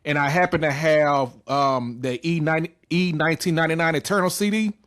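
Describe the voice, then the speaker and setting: A man's voice: on the high side, fairly even intonation, fairly quick, fairly bright tone. A man in his forties hosting a podcast and chatting casually in a laid-back, slangy way. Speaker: podcast host. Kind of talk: casual chat.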